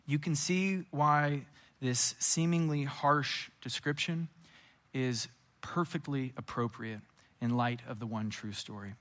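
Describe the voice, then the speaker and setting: Bright-voiced man preaching an animated sermon. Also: mid-range voice. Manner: lively storytelling with casual asides, acting out scenes. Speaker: pastor.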